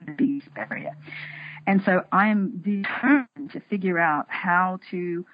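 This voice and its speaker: A woman's voice: fairly low pitch, expressive, measured pace, lo-fi sound, slight background noise. A woman guest on a podcast, talking casually and animatedly, acting out her inner voices, often restarting and repeating words. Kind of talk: casual interview talk.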